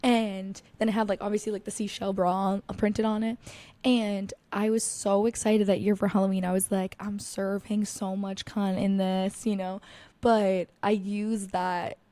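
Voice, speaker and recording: A young woman with a medium-pitched, dark voice hosts a casual solo podcast, speaking with little pitch movement in an echo-free recording. She tells stories in a chatty way, saying "like" constantly and swearing freely. She also drops in quick asides.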